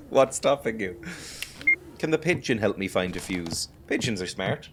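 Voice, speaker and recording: A man with a low voice that swings widely in pitch gives casual play-along commentary. He jokes wryly, talking to things on screen and to his viewers, over faint background noise. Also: expressive, measured pace. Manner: wry, joking, talks to the game and to viewers. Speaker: gaming video host.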